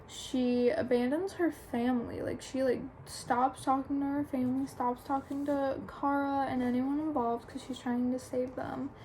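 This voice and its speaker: A woman's voice: high-pitched, warm tone, slight background noise, poor audio. A young adult woman chattily retelling a book's plot for a review, full of "like" and "um". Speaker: book reviewer. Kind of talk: casual plot recap.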